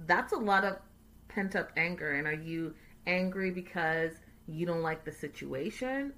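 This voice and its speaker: A woman hosting a casual livestream recap, chatty, animated and sassy. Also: on the low side. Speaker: host.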